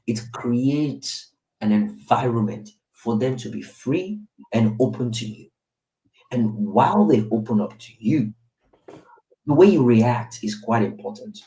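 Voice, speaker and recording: Speaking at a measured pace with lively intonation, a dark-toned, mid-range Nigerian man in his thirties, a father, tells his own story frankly. The podcast talk is casual and reflective, full of "right?" tag questions, and the distant mic leaves it sounding roomy.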